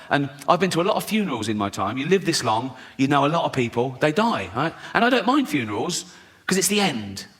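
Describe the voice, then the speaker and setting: A man's voice: a little high, a bit bright. A male stand-up comedian with an English accent, mocking and sweary, acting out bits of voices in a live show. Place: large theatre with audience.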